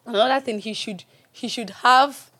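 A young woman with a Nigerian accent co-hosts a casual podcast in a playful, teasing manner. Her voice sits slightly high, and she drops into Pidgin here and there. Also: normal speed, fairly bright tone. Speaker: podcast co-host. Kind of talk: casual chat.

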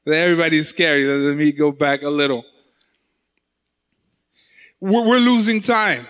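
A man's voice: fairly high pitch, a little slow, a bit bright, clean tone. A man preaching a sermon with impassioned, sing-song delivery and many repeated words.

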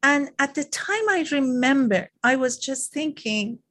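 Brief: high-pitched woman, Persian native speaker, thoughtful and rambling, filler-heavy casual talk. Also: expressive, unhurried, a bit bright. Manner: reflective, rambling, many "you know" fillers. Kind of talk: casual chat.

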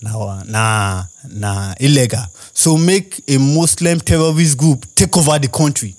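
A man's voice: mid-range voice, measured pace, a little mellow. A young Nigerian man with a Nigerian accent, rambling through a casual monologue as a podcast host and firing off rhetorical questions.

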